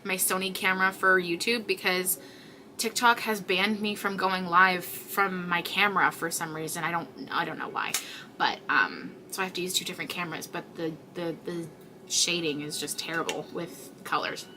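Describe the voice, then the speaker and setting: A woman's voice: fairly low pitch, fairly even intonation, moderate pace, background noise. A woman hosting a crochet livestream, chatting casually with viewers in a rambling way with many fillers, tired and yawning. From Canada.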